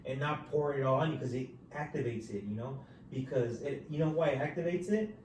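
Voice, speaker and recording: A male podcast host tells prison stories in laid-back, profane casual chat, tacking "dude" onto nearly every phrase. His mid-range voice is brisk with lively intonation. The recording has a roomy echo, the voice sits far from the mic, and there is a faint ambient hiss.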